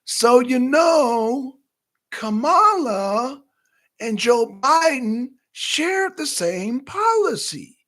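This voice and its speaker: A man doing a slow, prim lady politician. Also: very high-pitched, very animated, fairly bright tone, voice pushed up, heavily acted. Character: prim female politician, measured and preachy.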